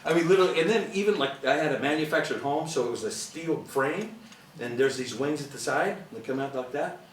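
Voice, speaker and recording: A man's voice: mid-range voice, lively intonation, a little fast, fairly bright tone, distant mic, slight background noise. A middle-aged man giving an earnest, conversational motivational talk to an audience, laughing often. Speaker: motivational speaker. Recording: echoey room, speaker away from the mic.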